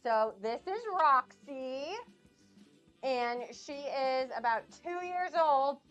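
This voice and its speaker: A young woman getting over a cold, chatting excitedly with viewers on her cooking live stream. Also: high-pitched, slow pace, dull audio, soft background music. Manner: bubbly, gushing and excitable. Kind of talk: casual live-stream chat.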